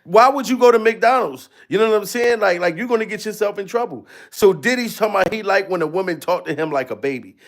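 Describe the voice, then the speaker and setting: A man giving loud, profane, comedic reaction commentary and repeating a catchphrase. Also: high-pitched, expressive, fast, hardly any pauses. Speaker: commentary vlogger.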